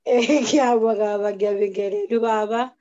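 A South African woman, a guest minister, giving measured, respectful greetings on a church broadcast. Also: mid-range voice, steady tone, mellow. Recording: dull lo-fi sound.

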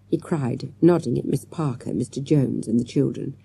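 A woman narrating a children's storybook in a measured, expressive reading. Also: a bass voice, vocal fry, breathy edge, no room sound. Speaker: audiobook narrator.

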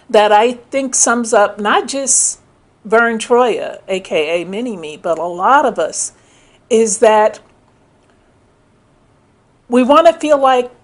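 A middle-aged woman talking casually into the camera, telling stories and acting out the people in them. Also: fairly high pitch. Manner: storytelling, animated, quotes others in voices. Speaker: commentator. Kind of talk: casual spoken commentary.

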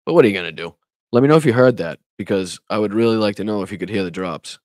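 A man's voice: lowish voice, quick pace, darkish tone, no room sound, studio quality. A man hosting a casual political livestream who talks straight to his chat, laughs often and swears when annoyed. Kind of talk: casual live-stream commentary.

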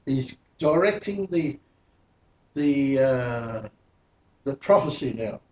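A man's voice: mid-range voice, lively intonation, takes it slowly, darkish tone, lo-fi sound. A male preacher teaching a sermon verse by verse, putting questions to the congregation. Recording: echoey hall, mic at a distance.

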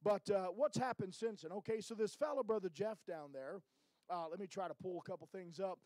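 A man's voice: high voice, brisk, a little mellow, no room sound, rough recording. A middle-aged man, a missionary church planter, giving a folksy, informal report to a church and often tagging his lines with "amen?".

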